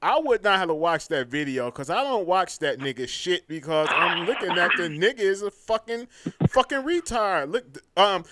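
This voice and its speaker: A man hosting a casual livestream chat, telling stories in an animated, profane way with mocking imitations. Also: sits high, moderate pace, slight background noise. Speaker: show host.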